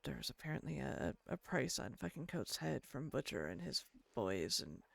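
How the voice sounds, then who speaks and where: A woman's voice: very deep voice, big pitch swings, normal speed, gravelly, husky, no room sound. A woman chatting in character during a roleplay game, telling a long story that rambles and is full of swearing. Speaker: roleplayer voicing her character.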